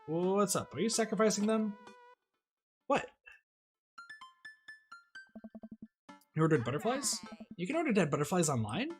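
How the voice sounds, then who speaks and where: Excited teenage girl, a streamer doing her voice, bubbly and eager, lively pitch, faint guitar behind. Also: brisk, lightly acted. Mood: puzzled. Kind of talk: reading game dialogue aloud.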